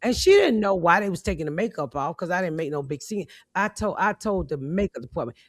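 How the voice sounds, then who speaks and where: A middle-aged woman hosting a comedy podcast, telling stories in a brash, profane, animated way. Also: fairly low pitch, a little fast, hardly any pauses, no room sound, clean studio sound. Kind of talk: loud storytelling chat.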